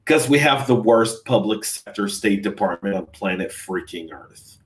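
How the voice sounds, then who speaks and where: A man from California, a podcast host, ranting in animated, sarcastic casual chat on a livestream. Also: fairly low pitch, moderate pace.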